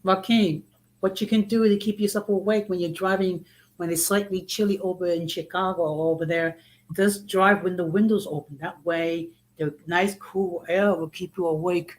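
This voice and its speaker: A man's voice: sits high, fairly even intonation, moderate pace. A man chatting casually as a regular guest. He teases the others and argues the contrary side playfully. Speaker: union member and regular guest. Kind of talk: casual chat.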